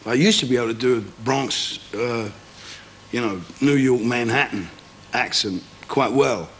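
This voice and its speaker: Quick, self-mocking male actor. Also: medium pitch, a little hiss or hum. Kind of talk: casual interview.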